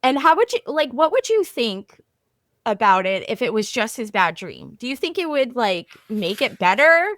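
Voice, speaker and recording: High bouncy woman voice, podcast cohost, says like and right a lot, dry close mic. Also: moderate pace, dry recording. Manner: expressive, laughs often, lots of "like" and "right". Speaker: podcast co-host. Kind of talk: casual chat.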